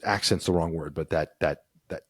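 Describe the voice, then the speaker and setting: A man's voice: low voice, normal speed, a bit bright, breathy edge, no echo, studio quality. A man co-hosting a podcast from the United States, thinking aloud in a rambling casual chat with frequent restarts. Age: adult, a parent. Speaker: podcast co-host.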